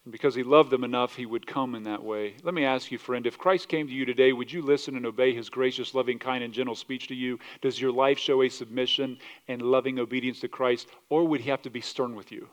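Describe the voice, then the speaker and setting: A man preaching a sermon as pastor, passionate, swinging from loud declarations to quiet asides, quoting scripture and acting out other people's voices, asking the congregation questions. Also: fairly even intonation, quick pace, few pauses. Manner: passionate, rises loud then drops low, acts out quoted voices; asks the congregation questions, southern 'y'all'.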